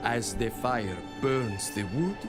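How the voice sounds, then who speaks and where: A solemn priest guarding a city gate in a video game. He speaks slowly and ceremonially, with a lively rise and fall in his pitch. Loud game music plays behind him. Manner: formal and ceremonial.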